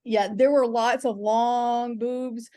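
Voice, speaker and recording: A woman's voice: a little high, fairly even intonation, slow pace, warm tone, no echo. Frank chatty woman, dry close sound. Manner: frank, chatty, acts out quoted voices. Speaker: guest comedian. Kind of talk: candid comic storytelling.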